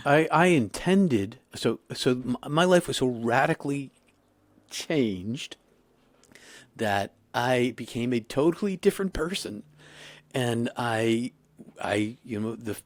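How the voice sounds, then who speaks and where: A man in his sixties, a guest in an interview, telling his story in a halting way with many restarts. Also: mid-range voice, no room sound. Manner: halting, repeats and restarts, emotional retelling.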